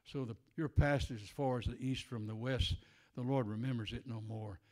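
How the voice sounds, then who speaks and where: Older male preacher, loud then hushed. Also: medium pitch, steady tone, moderate pace. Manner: swings from shouting to hushed, tender tones. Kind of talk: sermon.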